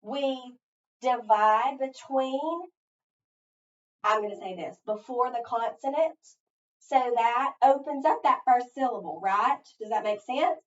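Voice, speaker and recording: A woman's voice: a little high, slow pace. Patient woman teacher, echoey distant room. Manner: patient, prompts listeners to finish her sentences; thinks aloud step by step. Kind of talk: phonics lesson. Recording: echoey, distant, dull sound.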